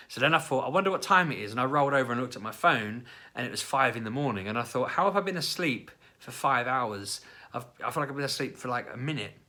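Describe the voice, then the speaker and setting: A man in his thirties telling a family story in a casual vlog, jumping into high, animated voices when he quotes people. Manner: chatty, acts out quoted lines with sudden high-pitched voices. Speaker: parent vlogger.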